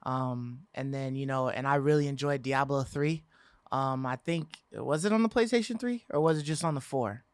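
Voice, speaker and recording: Man, podcast co-host, laid-back rambling talk, mid pitch, dry sound. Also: normal speed, smooth, dry recording. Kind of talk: casual gaming podcast chat.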